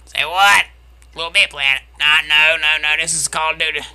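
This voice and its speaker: A man's voice: fairly high pitch, steady tone, normal speed, sharp tone, clean tone. A man voicing a cackling, trash-talking old grandpa in an online game's voice chat, who jeers and repeats his taunts over and over. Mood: dismissive. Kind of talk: trolling voice chat.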